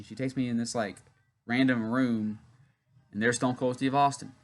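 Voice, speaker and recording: A young man from Louisiana with a mid-range voice delivers his lines flatly and briskly. He hosts a YouTube wrestling watch-along, chatting loosely and telling a story between observations on the match.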